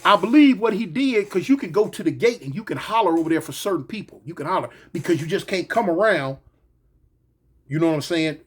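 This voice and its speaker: A man casually telling a story in slang, punctuating it with "bang" and "boom". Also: animated, fairly quick, husky. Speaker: storyteller recounting prison life.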